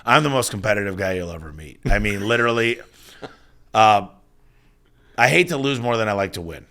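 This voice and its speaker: Emphatic man in his forties, low-voiced. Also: moderate pace. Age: 40s. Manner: energetic, emphatic storyteller with frequent restarts. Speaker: business owner guest. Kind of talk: casual interview talk.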